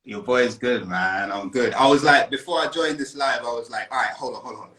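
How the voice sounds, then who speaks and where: Bright, animated man from South London. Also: mid-range voice, a little fast, echoey room, rough recording. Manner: animated storyteller, acts out his own thoughts. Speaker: guest, musician and firefighter. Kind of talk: casual interview chat. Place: living room at home. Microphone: video call on phone.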